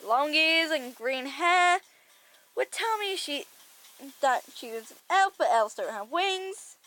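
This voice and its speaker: High-voiced woman reading her story. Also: animated, slow, bright, forceful tone. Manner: self-deprecating, chatty asides, sore throat. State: sore throat. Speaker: amateur audiobook reader. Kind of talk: reading her own story aloud, with asides.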